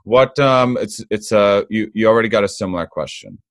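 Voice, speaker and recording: A man interviewing a guest, halting and restarting as he asks questions. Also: lowish voice, no echo. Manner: halting, many restarts when asking. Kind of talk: casual interview talk.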